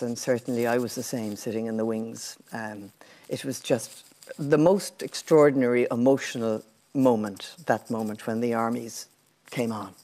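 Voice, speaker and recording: Older irish lady, really deep voice, chatty storyteller in an interview. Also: mellow. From Ireland. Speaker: interview guest, former TV journalist. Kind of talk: casual storytelling.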